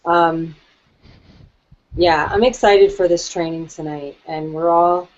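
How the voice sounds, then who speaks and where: A woman co-hosting a live online training, chatting in a lively way. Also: lowish voice, takes it slowly. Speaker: co-host. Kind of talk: casual live webinar chat. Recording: muffled online call audio.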